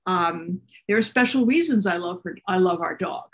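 A woman's voice: on the low side, animated, normal speed. A woman voicing a loving, patient mother. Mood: tender. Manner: soft, reassuring. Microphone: video call.

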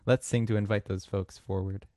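A man leading an online church service, giving calm, slow instructions to people on a video call. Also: lowish voice, dry recording, studio quality. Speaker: worship leader.

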